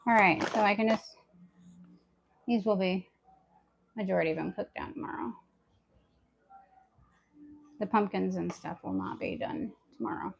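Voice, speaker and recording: A woman's voice: medium pitch, moderate pace, gravelly, long pauses, a little hiss or hum. A woman vlogger chatting casually to viewers at home, talking aloud to herself and her audience as she sorts her harvest and does chores. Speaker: homestead lifestyle vlogger. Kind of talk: casual chat to camera while doing chores. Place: at home, indoors.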